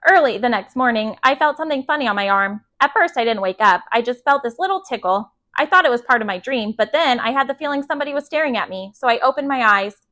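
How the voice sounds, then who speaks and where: A woman storyteller reading a children's chapter book aloud at bedtime, steady and gentle. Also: fairly high pitch, fast.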